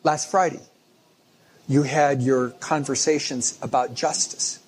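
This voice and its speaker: Husky-voiced man preaching conversationally. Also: mid-range voice, fairly even intonation, slow pace. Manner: conversational storytelling preaching with restarts. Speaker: pastor. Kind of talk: sermon.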